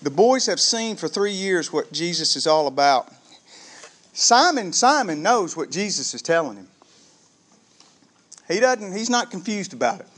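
A man preaching a sermon, conversational and animated, calling the congregation "gang" and asking them questions. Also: a little high, moderate pace, slight background noise. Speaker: pastor.

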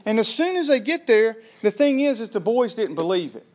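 A man preaching a sermon as pastor, telling the story with animated, acted-out dialogue. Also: sits high, brisk. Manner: animated storytelling, acting out biblical characters.

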